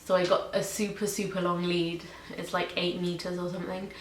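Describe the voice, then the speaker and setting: A woman's voice: fairly low pitch, level tone, brisk. A young woman from Britain or Ireland chatting casually about her pets in a home vlog, with lots of ums and likes. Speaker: vlogger. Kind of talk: casual pet tag video. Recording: echoey room with faint hiss.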